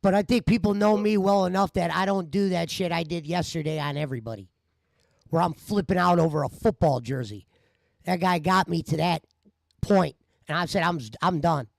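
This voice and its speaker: A man's voice: fairly high pitch, normal speed, creaky, no room sound. A man talking on his livestream, venting about getting angry at a commenter. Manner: aggrieved, venting. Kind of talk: casual livestream talk.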